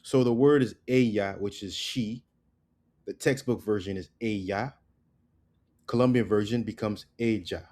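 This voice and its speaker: A man teaching pronunciation in a casual, joking way, repeating each word slowly. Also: fairly low pitch, mellow. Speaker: Spanish teacher.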